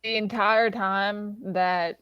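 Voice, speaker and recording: A woman's voice: medium pitch, fairly even intonation, takes it slowly, smooth, dry recording. A woman player describing her character with dry, self-mocking humor. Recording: dull online audio.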